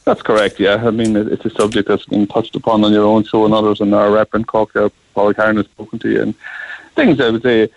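An Irish man taking part in a radio phone interview, speaking in a measured way and searching for words as he goes. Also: on the low side, level tone, vocal fry, dry recording, dull audio.

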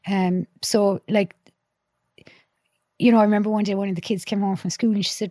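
A woman's voice: medium pitch, level tone, fairly quick, pauses often, dark tone, no echo, clean studio sound. Earnest woman telling stories. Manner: earnest, storytelling, many restarts. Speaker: podcast guest. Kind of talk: casual conversation.

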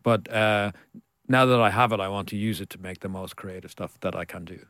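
A man's voice: lowish voice, fairly quick, fairly bright tone, no echo, clean studio sound. A middle-aged man, an author chatting in an interview and telling self-deprecating stories with frequent laughs. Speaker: author guest. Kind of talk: casual interview chat.

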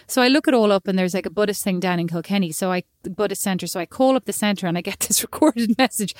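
An Irish woman co-hosts a chatty podcast, racing through her stories at a brisk clip. She is animated and self-mocking, and she slips into little voices when she quotes people. The sound is close and dry, with no room at all. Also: mid-range voice, dry recording. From Ireland. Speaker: podcast co-host. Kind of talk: casual storytelling chat.

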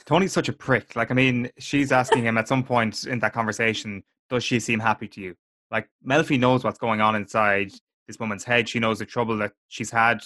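A man's voice: mid-range voice, fairly even intonation, brisk, few pauses, pushed and bright, no echo. A man hosting a casual podcast, recapping a TV episode scene by scene and quoting the characters. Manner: chatty, recounts scenes, quotes characters.

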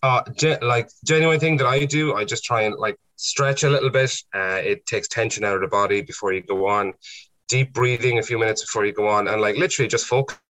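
A man's voice: medium pitch, a little fast, poor audio. A man with an Irish accent, a stand-up comedian chatting casually on a podcast and telling stories. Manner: storytelling, lively anecdotes with acted-out quotes. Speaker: comedian guest.

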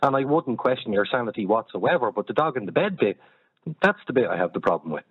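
A man argues on a radio panel with a lively, rising and falling voice. He presses his points with questions, and his sound is dry and a little dull. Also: mid-range voice, quick pace, husky, no echo. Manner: argumentative, makes points with questions. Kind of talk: talk radio discussion.

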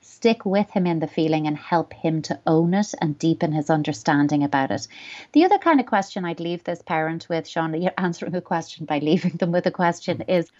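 A woman, a parenting expert, answers a listener's question in a thoughtful, reassuring, measured way. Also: low-pitched, darkish tone, highs cut off.

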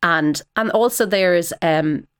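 In a casual interview, an Irish actor and former TV presenter talks as a chatty, animated guest, dropping in plenty of fillers. She speaks slowly in a lowish voice that is clear with a resonant tone.

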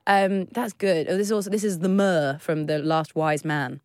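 A young adult woman co-hosting a podcast in casual chat, lively and quick to laugh, sometimes slipping into playful put-on voices. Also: fairly low pitch. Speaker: podcast co-host.

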